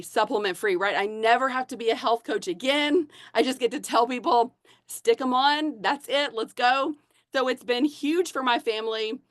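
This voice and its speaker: Brief: bubbly woman leader sharing her story, higher pitch, dry close sound. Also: a bit bright, no room sound. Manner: gushing, chatty, many fillers. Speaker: network marketing leader. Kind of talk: personal testimony to a team.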